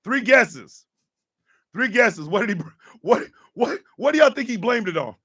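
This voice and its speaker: A man hosting a podcast, delivering a profane, exasperated comedic rant and often shouting. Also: sits high, big pitch swings, unhurried, breathy edge. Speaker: podcast host.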